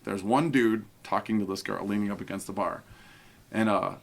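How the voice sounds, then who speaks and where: A man, a podcast guest, telling casual stories in an animated way and acting out the voices of people he quotes. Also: fairly low pitch, moderate pace, vocal fry. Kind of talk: casual storytelling.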